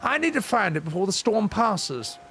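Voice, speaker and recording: A man's voice: sits high, very animated, moderate pace, bright, forceful tone, slight background noise, voice pushed up, exaggerated voice. A man voicing a desperate, rude old English woman with an English accent, haughty and insulting. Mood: pleading.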